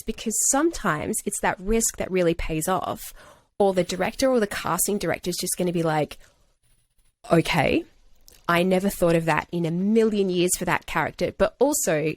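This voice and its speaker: A woman's voice: fairly low pitch, no echo. A woman, an actor and acting coach, telling an anecdote in a casual podcast interview and acting out the quotes. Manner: animated storyteller who acts out quotes.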